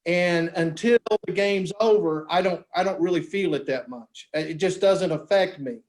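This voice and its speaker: A man chatting casually as a guest, telling lively stories and acting out the voices of other people. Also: sits high, moderate pace. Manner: animated storyteller, acts out voices in quotes. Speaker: guest, beep baseball pitcher. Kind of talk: casual storytelling chat.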